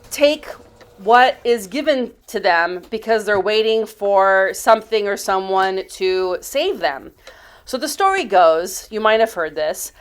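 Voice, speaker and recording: A woman in her fifties narrating her home project in a rambling, chatty way, drifting into stories and asides. Her voice is smooth and clear, sitting at an ordinary middle pitch. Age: 50s. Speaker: DIY channel host. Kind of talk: casual storytelling voice-over.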